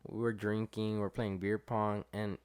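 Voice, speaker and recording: On a podcast, a young adult male guest tells a story in casual conversation, using lots of fillers and acting out quotes in lively voices. He speaks unhurriedly in a lowish, clean-toned voice.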